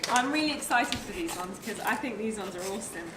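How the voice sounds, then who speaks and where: A woman's voice: mid-range voice, animated, fast. A woman co-hosting a casual unboxing chat, chatty and playful. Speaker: co-host. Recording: echoey room, mic at a distance, noisy.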